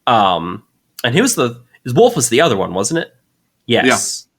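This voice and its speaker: A man's voice: medium pitch, huge pitch swings, measured pace, fairly bright tone. Enthusiastic rambling male podcast guest. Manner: enthusiastic, rambling, lots of fillers. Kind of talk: casual podcast chat.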